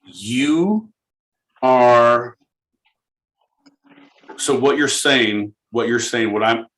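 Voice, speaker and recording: A young man co-hosting a podcast, animated, jokey and a bit profane. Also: medium pitch, drawn-out words. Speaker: podcast co-host. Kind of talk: casual comedy chat.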